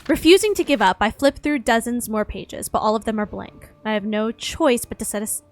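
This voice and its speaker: Young woman streamer, a bit high, reading game story aloud with quips, soft music behind. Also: expressive, a little fast. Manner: reads narration, breaks off into joking asides.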